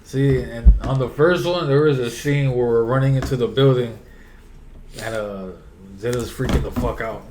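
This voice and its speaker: A man's voice: medium pitch, moderate pace, background noise. A man talking as a guest actor in a casual chat, telling stories in loose slang, swearing freely and sounding laid-back.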